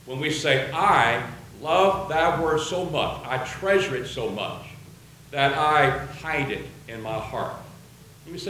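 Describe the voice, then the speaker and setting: A man's voice: on the high side, expressive, takes it slowly, pushed and bright, a little hiss or hum. A man preaching a sermon, reading and quoting scripture in an earnest way. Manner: earnest, quotes scripture aloud. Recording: very echoey room.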